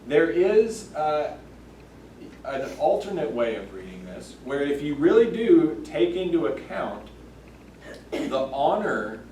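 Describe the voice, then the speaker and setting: A man teaching a church Sunday school class, thoughtful and halting, with many fillers and restarts. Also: on the high side, a little mellow, slight background noise. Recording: echoey room, mic far off.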